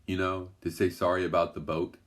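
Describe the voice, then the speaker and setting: A man's voice: deep voice, little pitch movement, fairly quick, close to an everyday voice. A man voicing a sheepish hurricane spirit. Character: friendly apologetic hurricane spirit.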